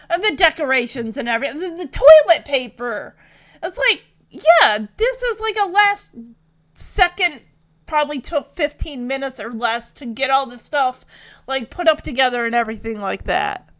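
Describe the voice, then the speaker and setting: A young woman with a high, light voice talks through a TV episode in a casual, rambling way. She is emotional and leans on fillers as she retells it. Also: a bit bright. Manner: chatty and emotional, with many fillers. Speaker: show reviewer. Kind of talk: casual chat recapping a TV episode.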